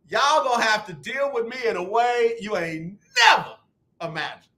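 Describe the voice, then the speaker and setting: A man hosting a sports talk radio show, teasing callers and trash-talking loudly. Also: sits high, lively intonation, moderate pace.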